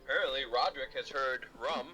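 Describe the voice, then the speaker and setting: Game master, male, mid pitch, casual stammering delivery, faint background music. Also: steady tone, fast, pushed and bright. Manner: loose, stammering narration. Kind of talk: running a tabletop game.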